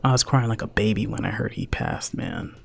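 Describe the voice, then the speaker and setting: Man in his 40s, game streamer, casual rambling chat, rough gravelly tone. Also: on the low side, wildly swooping pitch, a little fast, a little hiss or hum. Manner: rambling, heartfelt, peppered with "man" and "like". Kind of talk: casual chat while gaming.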